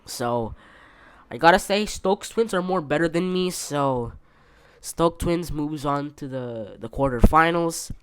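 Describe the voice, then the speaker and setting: A man's voice: fairly high pitch, measured pace, clean tone, no echo. A man hosting a casual solo podcast from his bedroom, rambling with many fillers and restarts. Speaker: podcast host.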